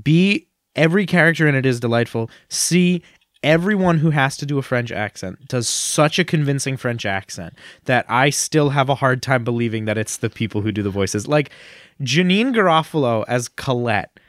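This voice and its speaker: A man co-hosting a casual chat podcast, talkative and jokey, slipping into quick silly voices. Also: mid-range voice, animated, a bit bright, no room sound, studio quality. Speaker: podcast co-host.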